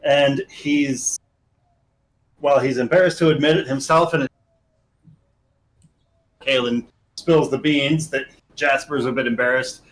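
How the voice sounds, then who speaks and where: A man running a tabletop game as game master, narrating in a casual, halting way. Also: medium pitch, fairly even intonation, low-quality recording.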